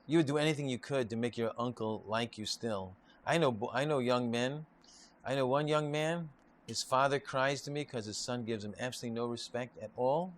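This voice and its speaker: A rabbi with a mid-range voice talks fairly quickly while giving an informal Torah class. He tells stories with lively energy, often repeating and restarting his phrases.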